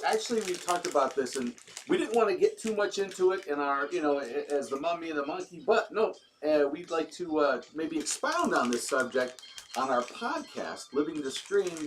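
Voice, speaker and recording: A man's voice: on the high side, normal speed, a little hiss or hum. A man co-hosting a late-night movie show, talking in a playful, jokey way. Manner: playful, jokey, expressive presenter. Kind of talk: casual co-host chat.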